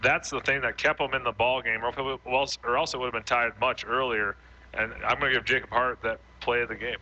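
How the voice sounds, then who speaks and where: A man co-hosting a post-game radio show, breaking down the game in a measured way and often restarting his sentences. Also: mid-range voice, steady tone, sharp tone, highs cut off. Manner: thinks aloud, frequent restarts, measured. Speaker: radio football co-host and analyst.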